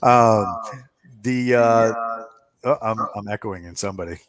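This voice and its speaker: A man narrating a tabletop game as game master, halting with many fillers and restarts while he describes the scene. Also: lowish voice, dry recording.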